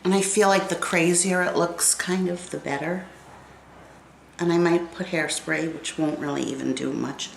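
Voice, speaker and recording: A woman's voice: on the low side, steady tone, normal speed, creaky, reverberant, a little hiss or hum, low-quality recording. A woman in her fifties, stuffy and congested, chatting casually to viewers while she styles her hair. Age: 50s. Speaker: beauty vlogger. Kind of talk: casual get-ready-with-me hair tutorial.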